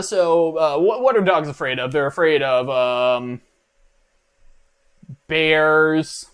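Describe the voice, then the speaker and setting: A young man in college, with a fairly high, clean-toned voice, hosts a reaction video. He rambles through comedic commentary in a mock-earnest, self-deprecating way, full of fillers and restarts.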